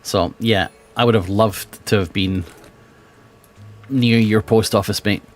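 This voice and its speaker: A British man streaming a video game, chatting casually and swearing, swinging between muttering and bursts of excitement. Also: lowish voice, takes it slowly, faint music behind. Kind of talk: casual gameplay chat.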